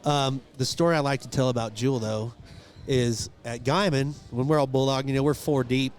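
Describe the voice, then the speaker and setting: A man's voice: medium pitch, moderate pace, slight background noise. A man co-hosting a casual rodeo podcast, telling funny stories and acting out the quotes. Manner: animated joking storyteller, acts out quotes. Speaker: podcast co-host. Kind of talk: casual storytelling chat. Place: outdoors at a rodeo.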